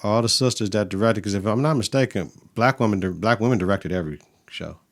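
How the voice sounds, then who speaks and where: A man's voice: fairly low pitch, fast talker. A man co-hosting a casual podcast, talking loose and profane with a hyped, rambling delivery. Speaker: podcast co-host.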